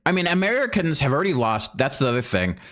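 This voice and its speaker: A man's voice: medium pitch, very animated, fast, fairly bright tone. A man in casual conversation, explaining his views earnestly with some indignation. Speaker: streamer. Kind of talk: casual chat.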